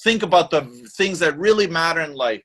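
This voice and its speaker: A man's voice: a little high, animated, a little fast, a bit bright. A man speaking as an interview guest in a casual, scornful, mocking way.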